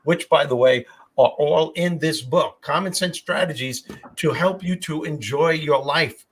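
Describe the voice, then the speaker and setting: An older man with a New York accent, hosting a podcast and telling stories in a husky voice. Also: a little high, measured pace. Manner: storytelling, animated. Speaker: podcast host. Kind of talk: casual chat.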